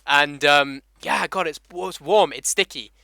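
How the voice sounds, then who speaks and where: A man's voice: a little high, measured pace, creaky, sharp tone, no room sound. A young man with an English accent hosting a casual motorcycle live stream, swearing freely and laughing as he greets viewers by name. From England. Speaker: motovlogger host.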